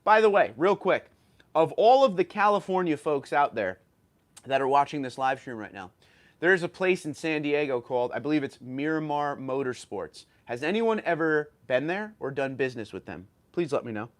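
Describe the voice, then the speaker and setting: This New Yorker in his thirties speaks in a fairly high voice with lively intonation at a moderate pace. Chatty on his casual livestream, he reads viewers' messages aloud and replies, somewhat tired and occasionally tripping over words.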